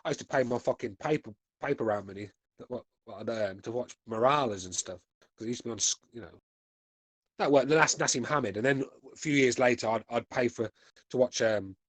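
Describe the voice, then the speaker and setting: A man's voice: mid-range voice, no echo. A British man in his forties hosting a podcast, chatting bluntly and swearing as he reads out chat comments. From United Kingdom. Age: 40s. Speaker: podcast host reading chat. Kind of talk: casual chat.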